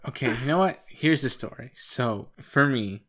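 A man's voice: medium pitch, lively intonation, normal speed, a crowd in the background. Young man telling a rambling story. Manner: rambling storyteller, insists on finishing his point. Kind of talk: casual chat.

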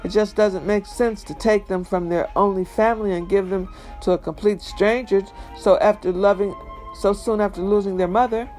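A man's voice: high-pitched, fairly even intonation, moderate pace, a little mellow, soft background music, lightly acted, rough recording. A man reading a memoir aloud and voicing an uncle who pleads with a judge to let him keep the children. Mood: pleading.

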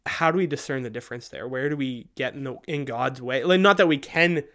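A man's voice: mid-range voice, a little fast, a bit bright. A man co-hosting a podcast who leads the discussion with questions in a chatty, upbeat way. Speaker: podcast co-host. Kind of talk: casual theological discussion.

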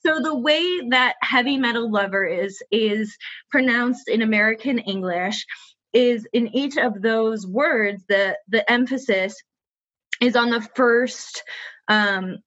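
A woman's voice: on the high side, slow pace, fairly bright tone, lo-fi sound. A woman co-hosting a podcast in casual chat, opinionated and emphatic, now and then swearing. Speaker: podcast co-host.

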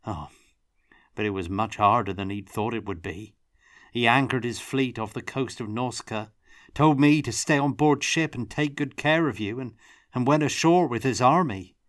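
A man reading aloud, voicing a gruff, secretive halfling cook telling a grave story. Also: medium pitch, normal speed, no room sound, studio quality, voice pushed up, natural voice.

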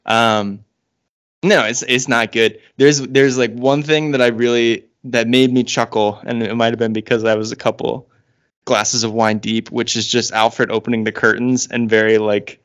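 A man's voice: medium pitch, level tone, normal speed, fairly bright tone. A man co-hosting a podcast, chatting casually in a wry, rambling way with frequent fillers. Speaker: podcast co-host.

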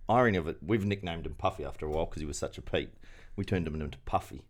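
A man's voice: very deep voice, very fast. A man co-hosting a podcast, teasing his friends in a joking, casual chat. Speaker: podcast co-host.

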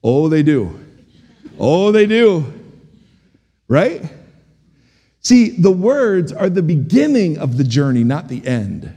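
A middle-aged man preaches with a high, lively voice and a mellow tone, and he keeps the sermon humorous while putting questions to the congregation. His voice rings with the long reverb of a church hall. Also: measured pace, slightly rough. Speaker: pastor.

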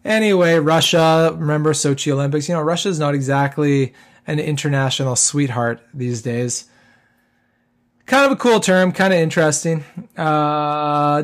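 A man hosting a casual solo podcast, rambling with lots of fillers and tag questions, his voice getting worn. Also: on the high side. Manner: rambling, filler-heavy, keeps tagging "okay?". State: losing his voice. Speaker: podcast host.

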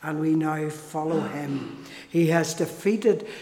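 A man preaching a sermon, slow and emphatic, who repeats key phrases for weight and restarts his sentences. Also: fairly high pitch, mellow. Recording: echoey hall with long reverb.

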